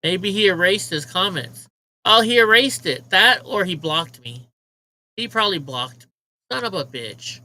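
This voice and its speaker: A man's voice: sits high, lively intonation, unhurried, bright, forceful tone, rough recording. A man hosting a casual livestream, ranting with profanity and mocking remarks while he talks to his chat. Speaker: livestream host.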